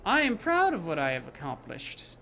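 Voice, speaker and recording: A man's voice: fairly high pitch, huge pitch swings, normal speed, gravelly, pushed and bright. A man chatting casually to his stream audience as he plays a game, rambling with lots of fillers.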